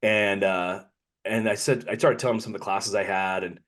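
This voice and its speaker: A man's voice: lowish voice, steady tone, normal speed, a bit bright. A man co-hosting a podcast, telling a long personal story in a casual, rambling way and often correcting himself mid-sentence. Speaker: podcast co-host.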